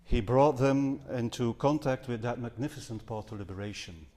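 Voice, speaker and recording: A man delivers a Buddhist dharma talk to a live audience in a seminar house hall, speaking earnestly with occasional hesitations and self-corrections. His voice is mid-range and warm at a moderate pace, and the recording carries a long hall reverb.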